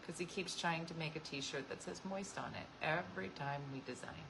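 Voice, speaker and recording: Over some background noise, a woman with a deep voice talks at a normal speed while hosting a casual chat show. She chats with her viewers, laughs frequently, and acts out what people said in their voices.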